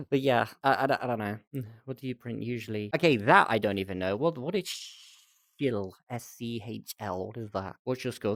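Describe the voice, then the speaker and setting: A man's voice: no echo, clean studio sound. Giggly young man reacting. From Britain. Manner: laughing often, exasperated, stumbling restarts, jumps in pitch. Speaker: streamer reading posts. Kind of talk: casual reaction reading.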